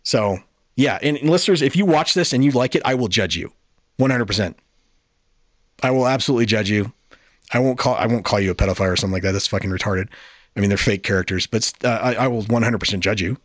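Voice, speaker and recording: A man's voice: medium pitch, fairly quick, no echo, studio quality. A man hosting a podcast, giving a casual, exasperated and profane review rant. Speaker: podcast host.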